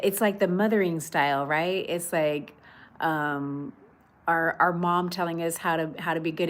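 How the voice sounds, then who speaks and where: A woman hosting a casual livestream from her patio, chatting and reading viewer comments aloud. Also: lowish voice. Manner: chatty, warm greetings, many fillers. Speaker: livestream host. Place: outdoor patio at home.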